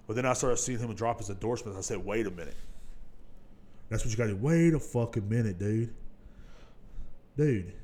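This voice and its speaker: A man hosting a solo podcast, ranting casually and profanely, swinging between low mutters and loud outbursts. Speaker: podcast host.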